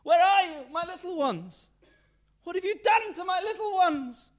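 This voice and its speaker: A man voicing a grieving mother who cries out in shrill panic. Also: animated, slow pace. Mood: frantic. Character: frantic grieving mother, adult woman.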